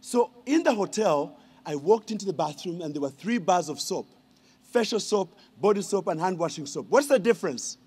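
This honorary degree recipient from Uganda makes his ceremonial speech a humorous one, prodding the audience with teasing questions. He speaks at normal speed in a high voice with lively intonation, a darkish tone and a breathy edge.

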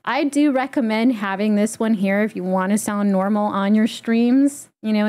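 Mellow-voiced woman explaining a tutorial. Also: mid-range voice. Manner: chatty, explains step by step with fillers. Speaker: streamer giving a setup tutorial. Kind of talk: casual screen-recorded tutorial.

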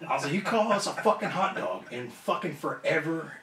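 Slightly off-mic in an echoey space, a man being interviewed as a wrestling guest spins a casual, foul-mouthed yarn. He's animated and acts out other characters, speaking briskly in a voice on the high side.

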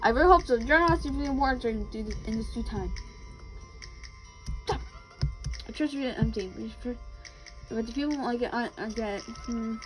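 A woman's voice: a little high, normal speed, pauses often, music in the background, poor audio. A young woman giving casual commentary as she plays a game, reading out the characters' lines and answering them. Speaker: gamer.

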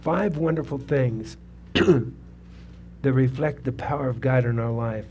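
A man's voice: mid-range voice, measured pace, a little mellow, a little hiss or hum. Older man preaching, conversational testimony. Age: 70s. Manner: conversational preaching, asks the congregation questions. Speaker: pastor. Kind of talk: sermon with personal testimony. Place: church sanctuary.

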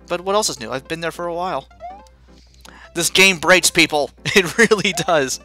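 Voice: medium pitch, animated, normal speed, pushed and bright. A let's play host giving self-mocking gameplay commentary, with sudden panicky outbursts. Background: faint game music.

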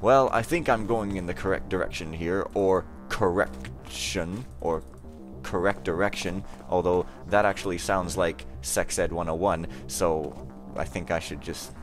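A man's voice: sits low, moderate pace, few pauses, faint music behind. A man giving casual let's play commentary, rambling with self-mocking, jokey asides.

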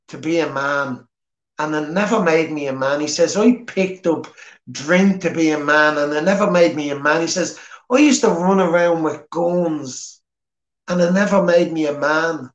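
In an echoey church hall, a man with a Dublin Irish accent shares his personal testimony. His voice sits on the high side and he takes his time, speaking in an earnest, plain-spoken way.

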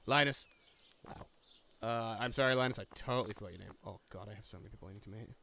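A man's voice: fairly low pitch, quick pace, creaky, noisy background. A man hosting a let's-play, chatting casually and joking at himself as he plays. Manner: casual, self-mocking chatter. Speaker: gaming channel host. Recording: game music behind the voice.

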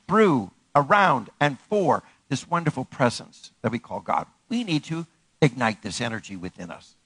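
A man's voice: fairly high pitch, a bit bright, no echo, poor audio. A male pastor preaching a sermon, emphatic, repeating phrases and leading the congregation in call-and-response.

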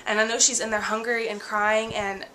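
A young woman vlogging casually about her pregnancy, sick with a cold and out of breath, talking candidly with many pauses and fillers. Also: medium pitch, flat delivery, pushed and bright, a little hiss or hum. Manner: tired, candid, many ums and likes.

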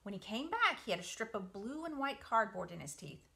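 Woman reading aloud, children's novel, expressive, bright tone, lively pitch. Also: fairly quick, creaky. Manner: expressive storytelling. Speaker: book club reader.

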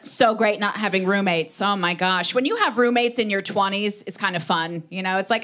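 A woman in her thirties performing stand-up comedy, with an animated, punchy delivery and acted-out quotes. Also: mid-range voice, moderate pace, few pauses. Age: 30s.

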